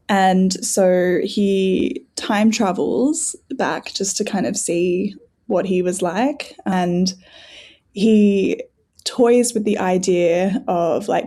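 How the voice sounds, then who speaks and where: A woman with a mellow, warm voice tells stories as a podcast guest, animated and quick to laugh between her words. She leans on "like" as she builds each thought. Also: mid-range voice. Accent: non-American English. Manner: animated storyteller, laughs often, filler "like". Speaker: guest scholar. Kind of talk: casual conversational interview.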